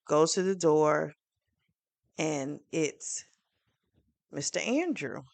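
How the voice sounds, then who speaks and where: A woman reviewing a book series, retelling the plot in a chatty, animated way with plenty of fillers. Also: fairly low pitch, clear, resonant tone, no echo.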